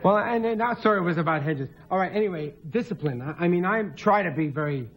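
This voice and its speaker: A man telling family stories as a talk show guest, giggling and acting out relatives in loud voices. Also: sits high, lively intonation, fast, slight background noise, low-quality recording. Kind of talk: anecdotal chat.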